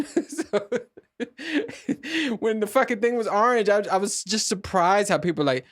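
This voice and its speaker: A man's voice: sits high, a little slow, a bit bright. A man hosting a casual solo podcast monologue, rambling with restarts and frequent swearing. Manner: profane, rambling, with many restarts. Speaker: podcast host.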